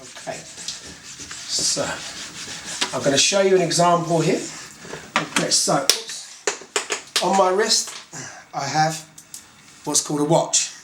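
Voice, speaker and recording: A man's voice: fairly high pitch, echoey room, background noise. A man with a Cockney London accent teaching slang in a casual lesson, chatty and often checking in with "okay". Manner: chatty, repeats "okay" often, slow deliberate words. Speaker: English teacher.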